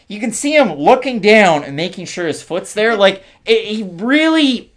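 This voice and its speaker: A man's voice: high voice, sing-song, a bit bright. A man hosting a casual MMA preview, rattling off records, odds and scorecards. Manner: stat-heavy, brisk. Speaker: MMA podcast host. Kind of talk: casual fight-preview chat.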